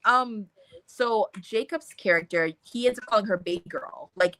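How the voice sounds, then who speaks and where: Woman, book chat co-host, casual, animated, swears freely, forceful bright tone, close dry sound. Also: medium pitch, moderate pace, no echo. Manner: animated, swears freely, retells plot in quotes.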